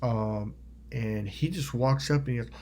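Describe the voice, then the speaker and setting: A man's voice: mid-range voice, a little slow, slight background noise. A man telling a personal story in a rambling monologue, restarting often, swearing casually and acting out what others said. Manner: acts out quoted voices loudly. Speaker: motivational video host.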